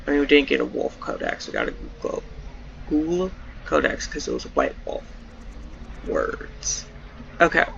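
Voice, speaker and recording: A man's voice: fairly high pitch, gravelly, sharp tone, lo-fi sound, slight background noise. A sleep-deprived man commenting on a game he plays and reading its text aloud, rambling and correcting himself as he goes. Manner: rambling, self-correcting asides. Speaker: let's play gamer.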